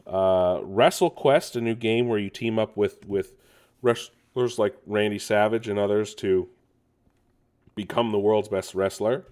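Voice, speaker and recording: Deep-voiced male podcast host, rambling and casual, lots of filler words. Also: a little slow, darkish tone. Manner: loose, rambling delivery full of ums and restarts. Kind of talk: casual gaming news podcast.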